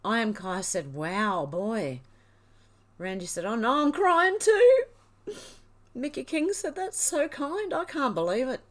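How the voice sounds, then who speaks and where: A woman's voice: a little high, lively intonation, measured pace. A woman hosting a livestream, emotional and crying as she reads viewer comments aloud in casual chat. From Australia. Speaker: livestream host.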